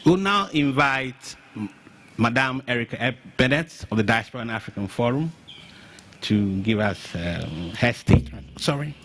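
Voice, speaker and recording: A man acting as master of ceremonies, making polite, halting announcements with frequent restarts. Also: medium pitch, animated, background noise.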